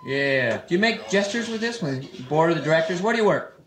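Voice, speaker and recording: A man in his twenties from San Francisco doing a live stand-up set, teasing the crowd quickly and playfully. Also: on the high side, expressive, fairly bright tone. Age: 20s. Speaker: stand-up comedian. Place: comedy nightclub stage. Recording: echoey club, noisy old live tape. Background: audience laughter.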